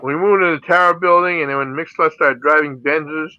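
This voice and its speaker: Lively middle-aged man telling stories. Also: a little high, brisk, smooth, no room sound, highs cut off. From Philippines. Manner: animated, laughs often, says "you know" a lot. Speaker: interview guest, DJ and radio host. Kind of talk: casual storytelling.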